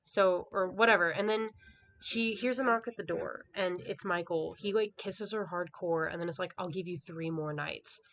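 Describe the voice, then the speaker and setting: A woman rambles through a book's plot in a casual review vlog, using many filler words and sounding exasperated and dismissive. Her lowish voice is a bit bright and moderately paced, and the home recording is dull and lo-fi with faint hiss.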